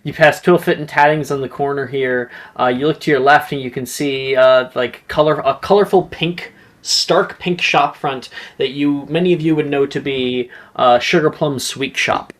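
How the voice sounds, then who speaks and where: A man's voice: mid-range voice, moderate pace. A man narrating a tabletop game as game master, chatty and rambling.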